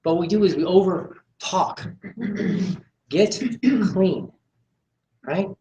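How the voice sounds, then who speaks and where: He has a high but dark-toned voice and speaks slowly. Confident and forceful, he gives a live sales training to a small group, performing the dialogue he uses with people, recorded in an echoey room.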